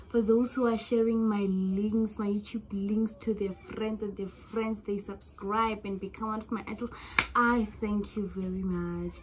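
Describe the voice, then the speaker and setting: A young South African woman with a South African accent, chatting casually to her vlog audience in an expressive, gushing way that swings between soft musing and loud excitement. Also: mid-range voice, a little hiss or hum. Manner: drawls words out slowly. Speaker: vlogger.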